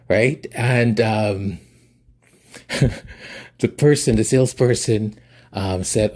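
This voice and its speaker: A man's voice: on the low side, takes it slowly, long pauses, darkish tone. A man hosting his channel, chatting casually with viewers, hesitant and repeating himself, laughing often. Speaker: channel host.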